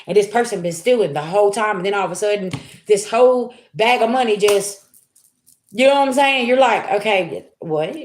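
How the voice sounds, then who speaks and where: Woman tarot reader, casual and chatty, mid pitch, echoey room. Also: brisk, slight background noise. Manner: chatty, talks straight to viewers, frequent "okay?" and "y'all". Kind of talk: casual tarot reading to viewers. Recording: roomy echo.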